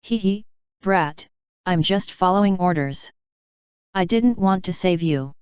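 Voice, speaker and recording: A woman's voice: on the low side, animated, measured pace, a little mellow, smooth, no room sound, highs cut off. A woman putting on a sneering black-robed young man. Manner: mocking, cold.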